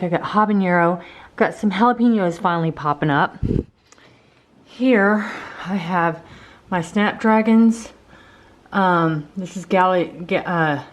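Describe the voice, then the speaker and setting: A woman chatting casually as she vlogs her gardening and yard work, upbeat and talking through each task. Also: lowish voice. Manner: chatty, upbeat, narrating her own chores. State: out of breath after yard work. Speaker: gardening vlogger. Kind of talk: casual vlog narration. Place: backyard garden, outdoors.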